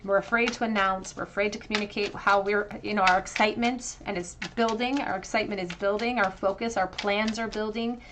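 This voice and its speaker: A woman giving a tarot card reading to her viewers, earnest and emotional, often pausing with fillers and restarts. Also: medium pitch, steady tone, fairly bright tone, a little hiss or hum. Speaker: tarot reader.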